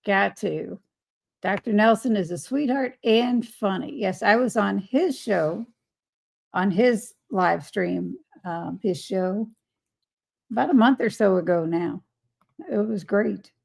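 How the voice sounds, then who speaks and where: A woman's voice: medium pitch, slow pace, creaky. A woman hosting a casual live stream, greeting viewers by name and reading their chat comments aloud with frequent laughter.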